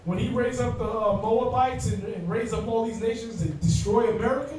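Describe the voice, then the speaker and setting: A man's voice: very high voice, fairly quick, darkish tone, slight background noise. A man teaching an informal Bible class in a slangy, joking way, checking in with his listeners often. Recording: echoey room from far off.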